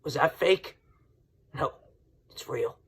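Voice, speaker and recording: A man hosting his own wrestling podcast, ranting heatedly and swinging from loud outbursts to low mutters. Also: expressive, slow pace, breathy edge. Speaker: podcast host. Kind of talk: casual wrestling podcast rant.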